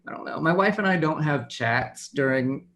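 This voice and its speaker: A man's voice: on the high side, lively intonation, moderate pace, vocal fry, a bit bright. A man in his thirties from Texas doing a stand-up set over a video call, self-deprecating and laughing at his own jokes. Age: 30s. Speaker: stand-up comedian.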